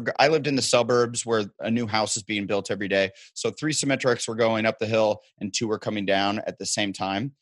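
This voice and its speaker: A man from the Midwest telling stories as a guest, animated and joking in casual chat. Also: fairly low pitch, no room sound. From American Midwest. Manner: animated storyteller, joking, quick asides.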